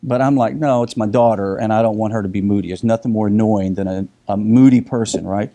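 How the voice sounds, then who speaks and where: A middle-aged man teaching in a casual group discussion, telling lively stories with frequent restarts. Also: fairly low pitch, quick pace. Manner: animated storyteller with frequent restarts.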